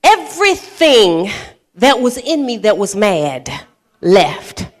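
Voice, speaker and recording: A woman pastor in her fifties preaching a sermon, telling a personal story with laughter and building to shouted preaching. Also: medium pitch, big pitch swings, slow. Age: 50s. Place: church sanctuary.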